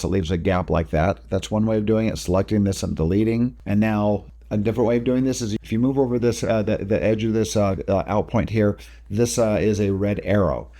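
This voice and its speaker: Man, low pitch, mellow tone, casual screen-recording tutorial, talks while working. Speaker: video editing tutor.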